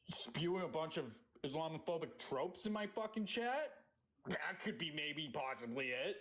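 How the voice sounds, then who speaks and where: A man with a notably high voice, angrily ranting and swearing as he hosts a heated livestream argument. He talks over others and cuts in with exasperated comebacks. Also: lively intonation, moderate pace, fairly bright tone, low-quality recording. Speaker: livestream host.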